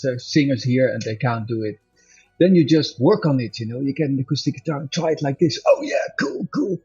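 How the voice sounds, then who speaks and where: Husky man in a rambling interview. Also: medium pitch, a little mellow. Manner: rambling, self-correcting, laughs often. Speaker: interview guest, musician. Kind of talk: casual interview chat. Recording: dull lo-fi audio with faint music.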